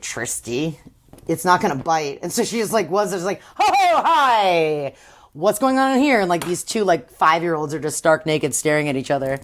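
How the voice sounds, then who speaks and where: A woman co-hosting a podcast, chatting casually about a book and acting out the characters' lines in quick voices, laughing often. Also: deep voice. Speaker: podcast co-host. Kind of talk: casual chat recapping a book.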